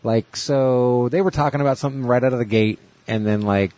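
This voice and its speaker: A man's voice: mid-range voice, a little fast, mellow, no echo. A man co-hosting a podcast in casual chat, rambling and swearing, acting out other people's lines as he retells a story. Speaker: podcast co-host.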